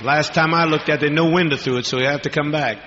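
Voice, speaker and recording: Profane, commanding male preacher barking orders, bright edge, faint hiss. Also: fairly high pitch, fairly even intonation, quick pace. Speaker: preacher and faith healer. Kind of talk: fiery healing-service sermon. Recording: dull lo-fi archive recording in a reverberant hall.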